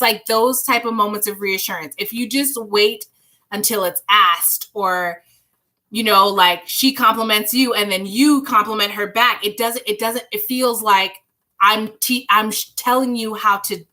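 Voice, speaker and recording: A woman's voice: a little high, unhurried, bright, forceful tone. A young woman giving tarot readings on a live stream, chatty and rambling, talking straight to her viewers. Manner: chatty, rambling, reassuring, sings bits of songs. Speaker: tarot reader.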